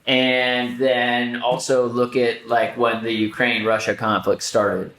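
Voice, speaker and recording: Animated swearing man in an echoey room. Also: mid-range voice, measured pace. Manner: animated storyteller, swears, frequent restarts. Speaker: podcast co-host. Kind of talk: casual chat. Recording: roomy echo.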